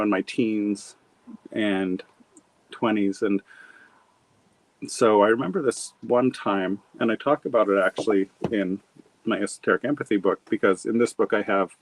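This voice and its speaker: A middle-aged Montana man with a lowish voice is a guest author in a conversational interview. He tells his story in a rambling, reflective way, full of fillers and restarts. The recording is rough, with no room sound.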